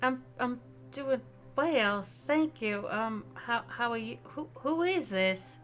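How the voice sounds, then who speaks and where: Woman playing a wary woman on the phone, soft-spoken, hesitant, high bright voice, faint music. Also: expressive, slow pace. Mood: cautious.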